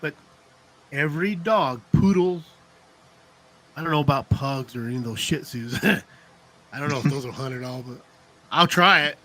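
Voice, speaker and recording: A man's voice: fairly high pitch, normal speed, pauses often, sharp tone, a little hiss or hum. A middle-aged man telling rambling stories in casual chat, laughing often and checking in with "you know what I mean". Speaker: podcast co-host.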